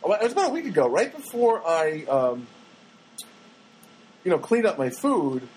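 A middle-aged podcast host rambles through a solo monologue on his own show, mocking himself and now and then breaking into a snatch of song. His voice is on the high side, sing-song, husky and darkish, at a normal speed on a rough recording.

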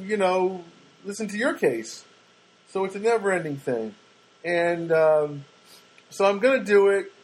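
Husky man rambling casually. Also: a little high, low-quality recording. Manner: rambling, many fillers and restarts, wry. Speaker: vlogger.

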